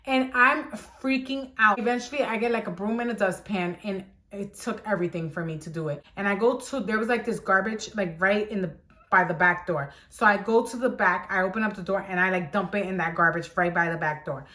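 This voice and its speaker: A young woman telling a casual storytime, animated and exclamatory, acting out the dialogue as she goes. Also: medium pitch, brisk. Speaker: vlogger.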